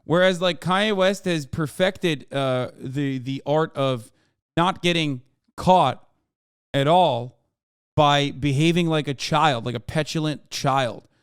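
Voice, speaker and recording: A man streams his reactions to a clip, talking bluntly and swearing freely as he riffs. His voice is smooth and sits a little high for a man. The sound is close and dry. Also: a little slow, no echo. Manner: blunt, profane, riffing. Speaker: streamer host. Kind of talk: casual reaction commentary.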